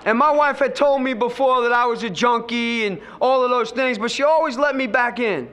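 A man giving personal testimony at a recovery meeting. He tells his story with lively acted-out dialogue and drops to a hush at times. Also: extremely high pitch, moderate pace. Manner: storytelling, acts out quoted voices, swings between loud and hushed.

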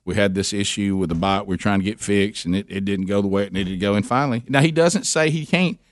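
A man's voice: fast, no room sound. Man, middle-aged, radio host, rambling story, dry booth. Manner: rambling, animated, jumps into high voices for quoted people. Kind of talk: casual talk radio storytelling.

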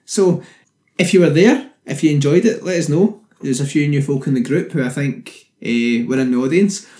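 A man's voice: fairly high pitch, normal speed, a little mellow. A man co-hosting a podcast, chatting casually with dry, teasing, sweary humor. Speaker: podcast co-host. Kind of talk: casual chat. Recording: roomy echo.

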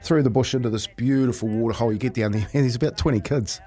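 A New Zealand man co-hosting a breakfast radio show, spinning animated childhood yarns and teasing his co-host. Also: medium pitch, quick pace, husky. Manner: animated yarn-spinner who asks teasing questions. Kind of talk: casual radio banter. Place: radio studio.

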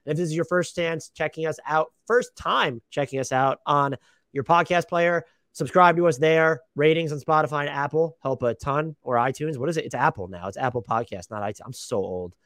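A fast-talking man co-hosting a sports podcast, his voice sitting a bit high for a man. He banters in a profane, self-deprecating way, recorded dry and close on a podcast mic. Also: fairly bright tone, dry recording. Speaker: podcast co-host. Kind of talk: casual sports podcast chat.

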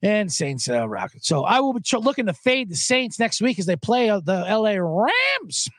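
Animated high-voiced man hosting a podcast. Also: moderate pace, dry recording, clean studio sound. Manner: animated, profane, jumps between topics with loud mocking impressions. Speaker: podcast host. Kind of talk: casual sports betting podcast monologue.

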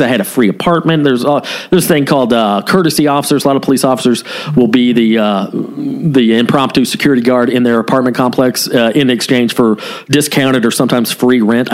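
Profane, candid man telling a story. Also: medium pitch. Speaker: podcast co-host, former police officer. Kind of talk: casual storytelling podcast chat.

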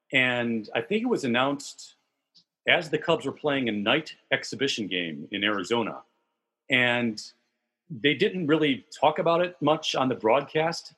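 A man hosts a casual baseball podcast, and his voice has a husky, breathy texture. He talks in a chatty, enthusiastic way and keeps things loose with the occasional swear word. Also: medium pitch, a bit bright. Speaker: podcast host.

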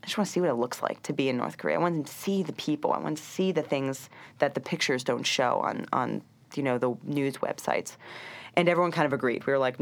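Low-voiced American woman telling a story. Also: fast. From United States. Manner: chatty storyteller. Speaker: guest. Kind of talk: casual chat.

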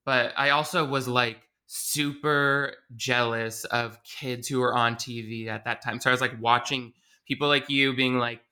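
A man's voice: mid-range voice, steady tone, measured pace, pushed and bright. A young man hosting a podcast, chatting casually and joking at his own expense. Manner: chatty, self-deprecating. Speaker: podcast host. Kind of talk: casual chat.

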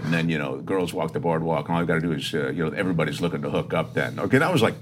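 A man co-hosting a show, telling a rambling story in a relaxed, chatty way. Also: low-pitched, quick pace, a little hiss or hum. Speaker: co-host. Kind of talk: casual comedic chat.

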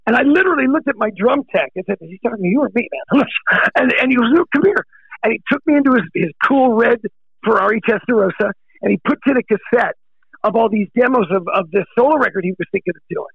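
A middle-aged American rock drummer being interviewed, excitable, laughing often and calling people dude. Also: male voice, extremely high pitch, fast talker, creaky, breathy edge, no room sound, phone-quality sound. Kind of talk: casual interview chat.

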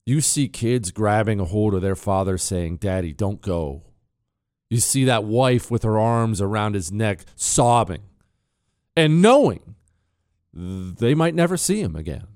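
A man's voice: on the low side, animated, unhurried, a little mellow, dry recording, studio quality. A middle-aged man hosting talk radio, ranting in a heated, sarcastic monologue.

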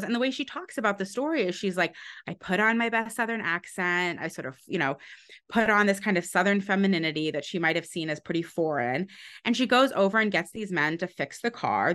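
A woman's voice: on the low side, bright, forceful tone. A woman historian answering interview questions, thoughtful and explanatory, with frequent fillers and restarts. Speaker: author and historian being interviewed.

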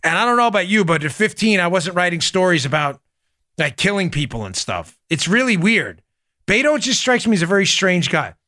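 A man hosting a political commentary talk show, animated and indignant, often calling his listeners folks. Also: high voice, fairly quick. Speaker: host.

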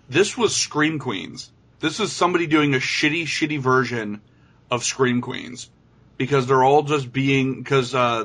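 A man's voice: medium pitch, fairly bright tone. A man co-hosting a casual movie review chat, blunt and profane, ranting his points with plenty of swearing.

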